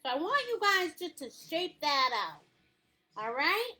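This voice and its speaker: A woman's voice: extremely high pitch, big pitch swings, measured pace, bright, forceful tone. A woman teaching a live painting class in a playful, silly way, laughing often as she guides the steps. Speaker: art instructor.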